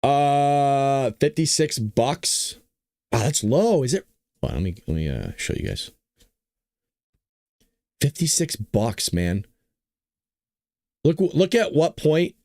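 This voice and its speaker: A hoarse man hosting a casual political commentary show, joking and talking to his audience. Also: medium pitch, no echo, clean studio sound. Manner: animated, joking, talks to the audience. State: hoarse, voice worn out. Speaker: show host.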